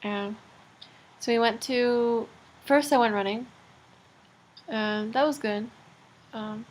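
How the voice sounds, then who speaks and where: A woman's voice: a little high, slight background noise. A teenage girl rambling through a casual video diary, chatty and full of fillers. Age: teens. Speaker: vlogger.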